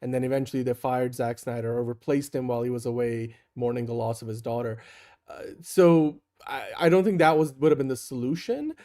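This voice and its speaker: A man co-hosting a casual chat show, easygoing and quick to laugh, sharing opinions freely. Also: medium pitch, warm tone. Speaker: podcast co-host.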